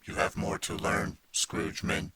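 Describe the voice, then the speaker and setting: A cold robot ghost drones each word like a computer, as a man puts on a metallic voice. The voice sits extremely low and barely moves in pitch, yet has a sharp, bright edge. It is a storybook audiobook figure, unfeeling and slow. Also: completely flat delivery, slightly rough, dry recording, full character voice. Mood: cold, droning. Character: cold droning robot ghost of the future, male. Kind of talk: audiobook character voice.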